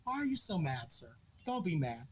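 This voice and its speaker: A man's voice: on the high side, big pitch swings, moderate pace, crowd noise. A man hosting a sports podcast, taunting an angry caller by repeating the same jab and adding a mock-polite "sir". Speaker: podcast host. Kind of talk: heated sports call-in argument.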